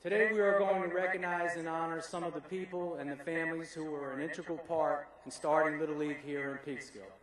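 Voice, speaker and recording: A man's voice: a little high, fairly even intonation, fairly quick, few pauses, fairly bright tone. A man emceeing a ceremony at an outdoor ballfield, upbeat and emphatic. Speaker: master of ceremonies. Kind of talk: ceremony announcing over a PA. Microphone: PA microphone heard from afar. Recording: very echoey PA from far off.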